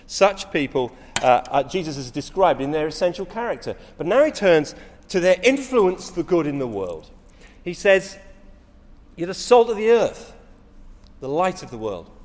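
A man's voice: a little high, in a large hall. A middle-aged man preaching a sermon, telling stories with rising emphasis and frequent restarts.

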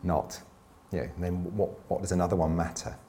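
A middle-aged man preaching a sermon in a conversational, self-deprecating way, with quick asides. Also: sits low, level tone, warm tone, slight background noise.

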